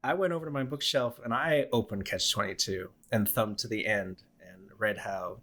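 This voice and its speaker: A man's voice: on the low side, moderate pace, sharp tone. A man co-hosting a podcast, chatting casually with dry, teasing remarks. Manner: dry, teasing, with short interjections. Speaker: podcast co-host. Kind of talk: casual chat.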